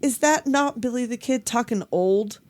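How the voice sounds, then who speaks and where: A woman's voice: a little high, moderate pace, darkish tone. A woman co-hosting a casual podcast chat, blunt and jokey, swearing often. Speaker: podcast co-host.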